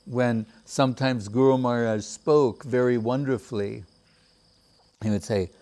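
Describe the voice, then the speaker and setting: A man giving a measured, reflective devotional talk with many pauses. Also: medium pitch, steady tone, a little mellow. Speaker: spiritual teacher. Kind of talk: devotional discourse.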